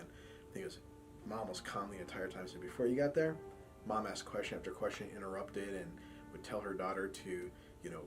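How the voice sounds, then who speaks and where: A man who works as a campus police officer and handles a support dog, telling stories in a documentary interview and acting out quoted dialogue as he goes. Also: deep voice. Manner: relaxed storytelling with quoted dialogue.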